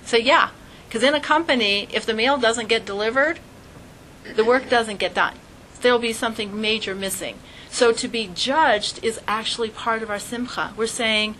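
Woman, teacher, religious lesson, bright voice, animated, faint noise. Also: fairly high pitch, moderate pace, rough recording. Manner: animated, acts out little scenes in quoted voices. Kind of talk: Jewish studies class lesson.

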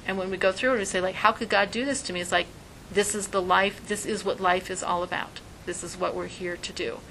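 A woman's voice: lowish voice, fairly quick, creaky, slight background noise, rough recording. A woman teaching a spiritual talk, telling stories animatedly and often saying "like". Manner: animated storytelling, frequent "like". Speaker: religious teacher.

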